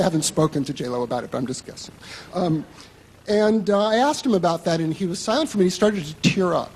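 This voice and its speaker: A man's voice: on the high side, creaky, a little mellow, in a large hall, slight background noise. A man telling a story on stage to an audience, in a wry, profane, self-mocking way.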